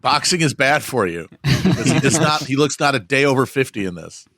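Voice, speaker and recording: Guest podcaster man, bright forceful tone, wry quips, dry mic. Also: mid-range voice, animated, moderate pace, no room sound. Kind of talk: casual comedic podcast chat.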